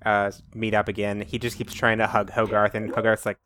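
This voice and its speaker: A man's voice: lowish voice, little pitch movement, a little fast, crowd noise. A man co-hosting a comedy podcast, dropping dry, teasing comments into the conversation. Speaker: podcast co-host. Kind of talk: casual comedic banter.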